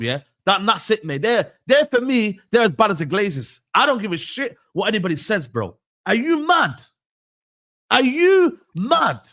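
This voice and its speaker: A man's voice: sits high, sharp tone. A man ranting in a heated reaction stream, full of slang and repeated outbursts. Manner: ranting, slangy, repeats "bro" and "are you mad".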